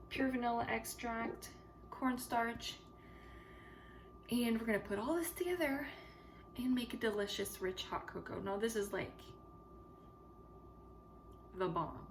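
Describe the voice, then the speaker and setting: A woman vlogging casually from her home kitchen, chatty and emotional, sometimes dropping to a soft whisper. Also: a little high, noisy background. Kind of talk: casual home vlog chat.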